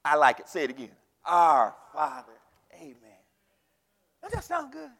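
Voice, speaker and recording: High, animated preaching man in a reverberant hall. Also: moderate pace, gravelly. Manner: fiery preaching with call and response. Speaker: pastor. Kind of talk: sermon. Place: church sanctuary.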